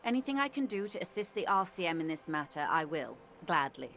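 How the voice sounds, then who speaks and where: A woman's voice: lowish voice, very animated, a little fast, a bit bright, a little hiss or hum. An actress playing a poised, formal businesswoman in a video game. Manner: formal, polite, wry. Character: poised, composed businesswoman boat owner. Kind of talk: game voice acting.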